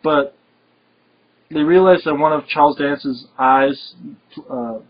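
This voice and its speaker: A man with a slightly high voice chats casually about a film he loves, rambling eagerly and piling up fillers. His tone is loose and excited. The audio is muffled and lo-fi. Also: slow pace. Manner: enthusiastic and rambling, with frequent fillers and laughs. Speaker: film reviewer. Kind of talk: casual film review chat. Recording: dull lo-fi recording.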